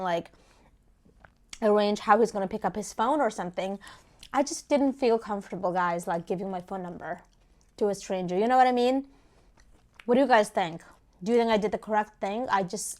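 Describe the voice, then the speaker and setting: A woman's voice: on the high side, normal speed. A young woman chatting casually to her viewers, telling a story between bites of food and acting out both sides of a phone call. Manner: chatty, animated retelling with quoted voices. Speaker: food vlogger. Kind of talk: casual storytelling while eating.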